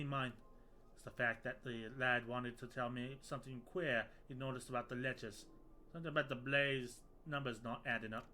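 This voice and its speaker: A blunt mercenary captain with a put-on rough British-style accent, voiced by a man reading game dialogue. He speaks in a gruff, slangy, confiding way with a bright edge to the voice. Faint music plays behind him. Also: mid-range voice, natural voice.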